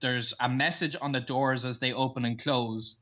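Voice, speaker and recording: Irish male interview guest, bright tense tone, enthusiastic storyteller, dull lo-fi recording. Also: medium pitch, fairly even intonation, normal speed. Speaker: podcast guest. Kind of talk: casual interview chat. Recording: dull lo-fi sound.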